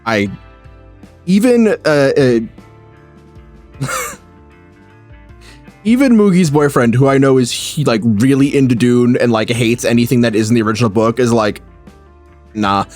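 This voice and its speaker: A man's voice: medium pitch, a little slow, long pauses, a little mellow, soft background music. A man co-hosting a podcast in casual chat, telling stories and swearing freely. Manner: crude, swearing, storytelling. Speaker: podcast co-host.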